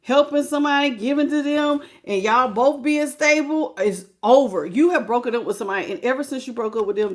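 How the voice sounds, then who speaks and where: A woman, giving a lively, sassy live tarot reading straight to the viewer. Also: fairly high pitch. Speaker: tarot reader.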